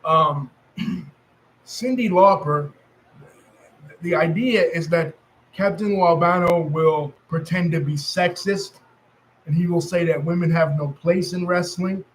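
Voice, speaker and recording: Casual male storyteller, New York accent, rambling and self-correcting, a bit high-pitched. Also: unhurried, pauses often, poor audio. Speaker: wrestling history commentator.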